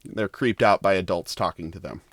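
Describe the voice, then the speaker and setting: A man's voice: deep voice, a little fast, fairly bright tone, slight background noise. A man narrating as game master of a tabletop game, rambling with lots of fillers.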